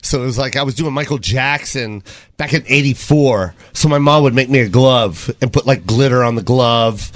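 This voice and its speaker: A man chatting as a comedian guest on a talk show, telling animated, joking stories. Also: mid-range voice, normal speed. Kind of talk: casual talk-show chat.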